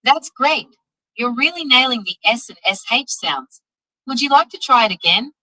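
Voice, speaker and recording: A woman's voice: on the high side, expressive, moderate pace, pushed and bright, no room sound, low-quality recording. A synthetic female AI assistant voice coaching tongue twisters in an upbeat, encouraging way. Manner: upbeat, encouraging, evenly paced. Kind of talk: AI assistant tutoring.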